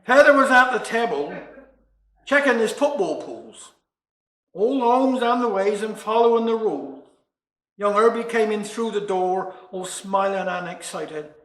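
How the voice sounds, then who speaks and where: A man with a Cornish accent telling comic stories and dialect verse in a folksy, measured way. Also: high voice, a bit bright. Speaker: storyteller. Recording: echoey room.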